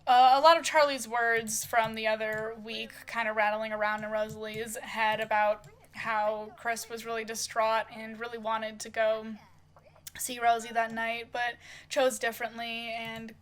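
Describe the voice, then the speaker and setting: A woman tells a soap opera story in a loose, rambling way, full of fillers and soft hedges. Her voice is bright and forward, sitting a little above the usual pitch. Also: little pitch movement, measured pace. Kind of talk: casual narration of a life-simulation game soap opera.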